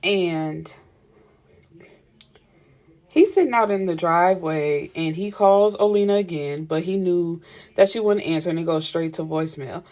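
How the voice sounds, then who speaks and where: A woman's voice: fairly low pitch, unhurried, long pauses, a little mellow. A woman casually recapping a novel in a chatty way, laughing and cursing freely. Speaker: book reviewer.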